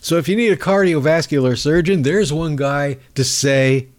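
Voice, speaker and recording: A man's voice: on the high side, normal speed. A man hosting a podcast, delivering a sarcastic, mocking comedic political monologue. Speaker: podcast host.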